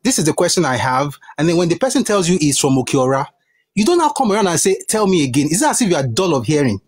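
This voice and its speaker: Heated, fast-talking Nigerian man. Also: on the high side, sing-song, slightly rough. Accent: Nigerian English, Yoruba. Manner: passionate, scolding, emphatic. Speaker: debate participant. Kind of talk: heated live debate.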